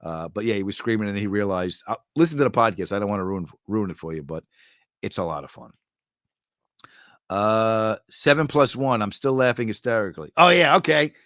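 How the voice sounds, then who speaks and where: Lively New York comedian, dry close mic. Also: male voice, a little fast, no echo. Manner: jokey, animated storyteller with sudden high bursts. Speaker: comedian hosting a live chat. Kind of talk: casual chat answering viewer comments.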